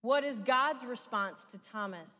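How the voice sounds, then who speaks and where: A woman pastor with a Midwestern American accent preaches a conversational sermon packed with rhetorical questions, recorded in a church sanctuary with long reverb. Her voice is slightly high, unhurried, and sharp in tone.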